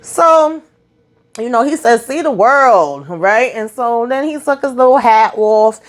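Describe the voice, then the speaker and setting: A woman hosting a casual TV episode recap, animated and chatty, talking straight to her viewers. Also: a little high, unhurried. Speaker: TV recap host.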